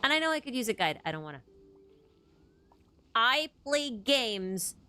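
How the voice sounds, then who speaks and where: A woman's voice: fairly high pitch, sing-song, a little slow, sharp tone, clean tone. A young adult woman hosting a casual chat, rambling and interrupting herself, often laughing mid-sentence. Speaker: host.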